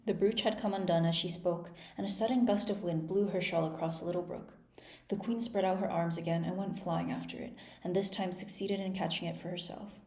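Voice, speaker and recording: Gentle woman narrator for children, mellow, roomy sound. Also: on the low side, steady tone, a little fast. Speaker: storybook reader.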